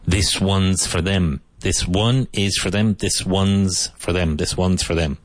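A man teaches English in a radio lesson. His voice sits very low, and the studio sound is close and dry. He says each phrase slowly and repeats it so listeners can copy it. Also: steady tone, no echo.

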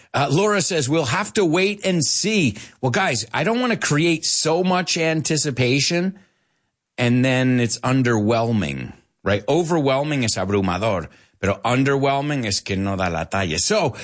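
A man teaching English on a live show, talking in a loose, chatty way and slipping into Spanish now and then. His pitch swings widely and lively from phrase to phrase. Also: moderate pace. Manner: lively, chatty, drops Spanish words in, laughs often. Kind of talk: live online English lesson.

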